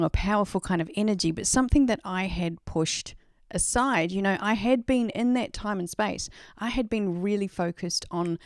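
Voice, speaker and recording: A woman's voice: fairly low pitch, no room sound, studio quality. An Australian woman hosting a live stream, telling a story in a rambling, chatty way full of "like" and "you know.".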